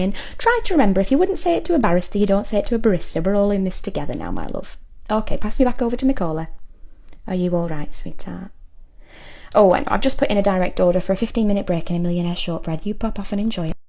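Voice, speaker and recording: A woman's voice: medium pitch, warm tone. A woman playing a brash middle-aged hotline auntie, who coos sweetly at callers and then tears into rude customers with elaborate insults. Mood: soothing. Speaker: hotline operator. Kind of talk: comedy sketch character monologue.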